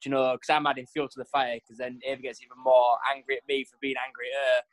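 A man in casual chat, telling family stories with lively quoted voices. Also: fast. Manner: animated storyteller, jumps pitch for quoted voices. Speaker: podcast co-host.

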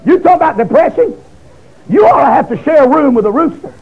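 A man's voice: very high-pitched, very animated, brisk, vocal fry, highs cut off. Fiery preacher man. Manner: shouting, pleading bursts. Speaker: preacher giving testimony. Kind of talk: fiery testimony sermon.

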